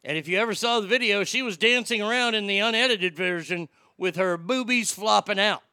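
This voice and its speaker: A man's voice: high-pitched, a little fast, sharp tone, smooth, no echo, studio quality. A middle-aged man hosting a talk show, ranting with blunt opinions and stammering restarts.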